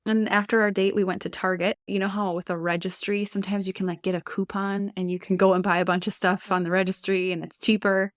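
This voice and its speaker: A woman's voice: mid-range voice, little pitch movement, fast, few pauses, no echo, clean studio sound. A woman in her thirties, a podcast guest, telling her birth stories in a casual, chatty way with frequent laughs and lots of "like" fillers. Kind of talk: casual storytelling.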